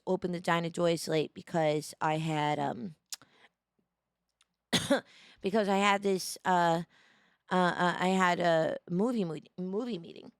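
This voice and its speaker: Sounding tired and in need of rest, this young streamer speaks in a smooth, lowish voice captured in clean studio sound without room tone. She's chatty and casual, greeting viewers by name and breaking into sudden excitement.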